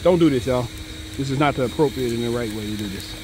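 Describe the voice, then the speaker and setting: A man's voice: medium pitch, quick pace, background noise. A man, a kennel owner giving his dogs short commands in a casual outdoor vlog. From Arkansas, US. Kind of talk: casual dog-training vlog.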